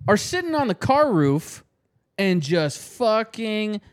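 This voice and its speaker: Animated, profane male podcast host. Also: high voice, takes it slowly. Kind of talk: casual podcast chat.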